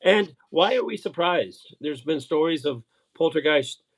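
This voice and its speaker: A middle-aged man, chatting casually as co-host, halting with many fillers and restarts. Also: on the high side, animated. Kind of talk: casual chat.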